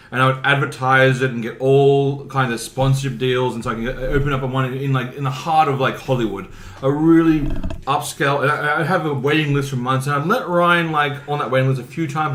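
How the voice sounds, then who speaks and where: A man's voice: mid-range voice, roomy sound. A man co-hosting a podcast, chatting casually and spinning playful, rambling stories. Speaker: podcast co-host. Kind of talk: casual chat.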